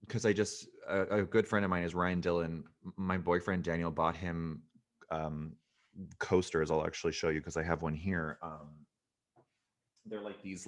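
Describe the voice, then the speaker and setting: A man from Canada with a fairly low voice, guesting on a podcast. He chats casually and tells jokey stories with campy flair. He is quick to mock himself. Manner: campy, animated, self-mocking storyteller. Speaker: guest comedian.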